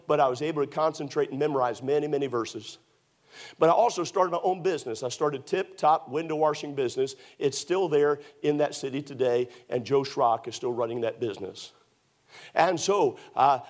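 Emphatic middle-aged preacher man, higher voice. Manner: emphatic, storytelling, surges to shouts. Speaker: pastor. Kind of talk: sermon.

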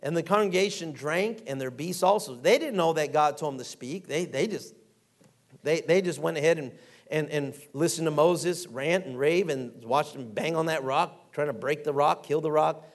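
A middle-aged man preaching a folksy, animated sermon, acting out quotes and reading scripture aloud. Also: fairly high pitch, normal speed.

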